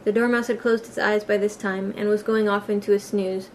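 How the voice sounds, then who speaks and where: A woman narrating a storybook audiobook in a plain, steady reading voice with a few small slips. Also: mid-range voice, a little fast, a little hiss or hum. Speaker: audiobook reader.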